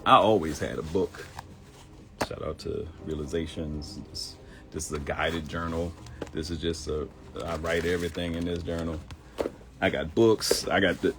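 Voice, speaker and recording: A man's voice: deep voice, background noise. A man hosting a live morning show, giving advice in a conversational, joking way. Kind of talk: casual livestream monologue.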